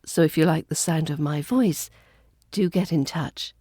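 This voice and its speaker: Measured RP British woman teaching. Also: deep voice, warm tone, no room sound, studio quality. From England. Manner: clear, measured, precise diction. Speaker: accent coach. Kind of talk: scripted podcast lesson.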